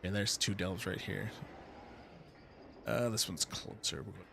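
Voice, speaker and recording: A man's voice: low-pitched, steady tone, measured pace, vocal fry, noisy background. A man streaming a game, ranting heatedly with lots of swearing. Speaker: gaming streamer. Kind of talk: ranting commentary while playing a game.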